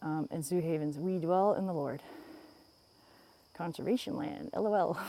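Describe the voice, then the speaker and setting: Slow and warm, with a lowish voice and long pauses, a woman livestreams from her phone as she walks in the woods. Holding the camera out front, she rambles casually to her viewers and laughs frequently.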